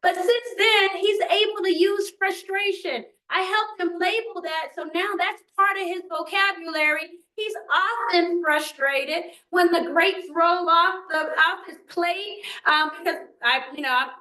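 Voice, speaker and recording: High, bright older woman presenting in an echoey room. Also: unhurried, few pauses. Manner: animated, asks the audience questions, acts out quotes. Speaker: parenting workshop presenter. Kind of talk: live presentation to parents. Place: meeting room.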